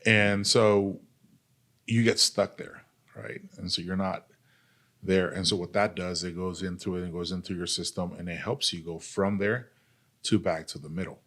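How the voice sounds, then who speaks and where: A man's voice: sits low, fairly even intonation, normal speed, fairly bright tone. A man, an army veteran and podcast guest, telling his story in a casual, candid way, blunt and profane, full of "like" and "dude". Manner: earnest, speaks openly about pain and recovery.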